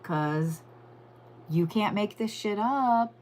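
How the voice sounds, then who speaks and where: A woman's voice: mid-range voice, expressive, slow pace, noisy background. A woman giving a casual, profane live crystal and zodiac reading, chatting to viewers as y'all. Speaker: livestream tarot and crystal reader.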